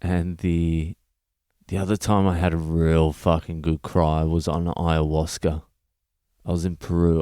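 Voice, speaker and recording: A man's voice: sits low, darkish tone, clear, resonant tone, dry recording. An Australian man, a comedian hosting a podcast, telling stories in a blunt, rambling, sweary monologue. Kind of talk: casual storytelling monologue.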